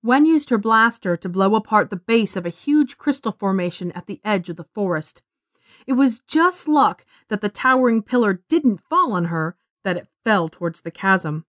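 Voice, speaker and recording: A woman's voice: mid-range voice, expressive, normal speed, a bit bright, no echo. Woman narrating a story, dry close sound. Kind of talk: scripted narration.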